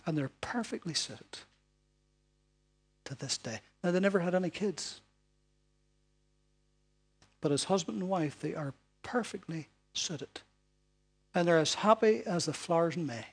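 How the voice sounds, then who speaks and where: A man preaches to his congregation in an easygoing, conversational sermon, checking in with tag questions as he goes. His voice sits fairly high for a man. Soft music plays faintly in the background. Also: expressive, a little slow, long pauses, breathy edge. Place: church hall before a congregation.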